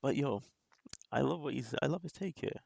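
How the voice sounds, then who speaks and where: A man's voice: medium pitch, lively intonation, normal speed, gravelly, a little mellow, dry recording. A man hosting a reaction video, talking in casual commentary that rambles with restarts and small laughs.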